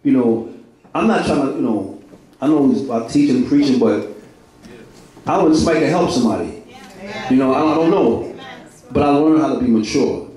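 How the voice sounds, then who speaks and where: This middle-aged man's mid-range voice is mellow and expressive, moving at a moderate pace with long pauses. His emotional church testimony is repetitive and full of street slang, broken by laughter, and it echoes through a large hall recorded from a distance.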